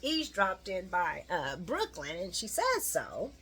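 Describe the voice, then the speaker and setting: A woman's voice: lowish voice, wildly swooping pitch, unhurried, bright, forceful tone, a little hiss or hum. A middle-aged woman giving a casual, opinionated solo recap of a soap opera, chatting to her viewers with plenty of fillers and asides.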